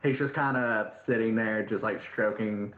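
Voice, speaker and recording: Low-voiced man narrating a tabletop game. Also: fairly even intonation, normal speed. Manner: casual, loose, many fillers. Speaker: dungeon master. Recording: echoey, phone-like sound.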